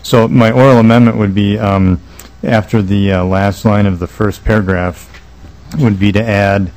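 A state legislator with a very deep voice gives testimony at a committee hearing, his delivery level, monotone, earnest and measured. He halts often, filling gaps with frequent "uh"s and "um"s as he makes his case, on a rough recording.

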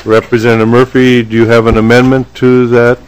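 A man chairing a legislative committee meeting in a formal, halting way, pausing often on fillers. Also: mid-range voice, little pitch movement, slight background noise, poor audio. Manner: halting, frequent filler pauses.

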